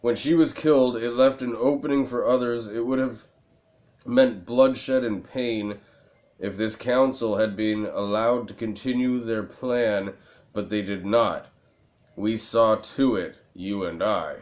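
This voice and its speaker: A man doing a hushed, grave Turkish informant. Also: fairly even intonation, close to an everyday voice. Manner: low, hushed and slow.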